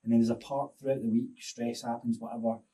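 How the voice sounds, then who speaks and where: A man's voice: mid-range voice, flat delivery, fast talker, mellow, far from the mic, poor audio. A man, a fitness coach and podcast guest, telling stories in a reflective, rambling way. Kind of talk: casual podcast chat.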